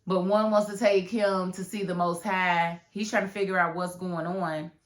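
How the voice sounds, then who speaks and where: A woman reviewing a TV drama episode in a casual, animated way, acting out the characters' lines. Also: fairly low pitch, normal speed. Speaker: TV show reviewer. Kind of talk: casual recap commentary.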